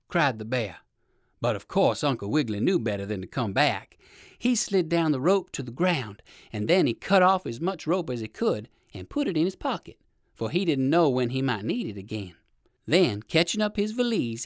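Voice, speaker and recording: A man narrating a children's storybook in a gentle, expressive read-aloud manner. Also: a little high, dry recording, studio quality.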